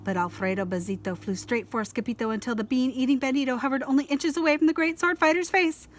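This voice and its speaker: Woman librarian, slightly high voice, lively picture-book read-aloud. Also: fast, slight background noise. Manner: lively, expressive storytelling. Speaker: school librarian.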